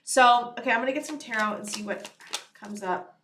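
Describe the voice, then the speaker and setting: A young woman reads tarot straight to her viewers in a casual, channeled style, rambling and earnest and full of "you know" and "it's like." Her voice is fairly high, fairly quick and a bit bright, recorded in a roomy space with slight background noise.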